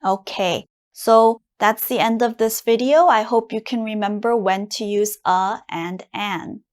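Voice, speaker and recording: Slow, careful woman English teacher. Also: medium pitch. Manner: repeats each word slowly and carefully. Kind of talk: slow, clearly enunciated English lesson for learners.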